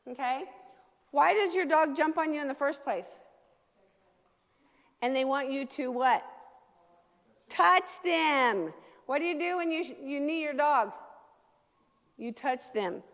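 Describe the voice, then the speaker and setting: A woman with a high voice runs a dog training class, coaching owners step by step. She keeps checking in with a quick "okay?" as she explains. Her voice carries a long reverb, as if recorded in a hall. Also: expressive, a bit bright.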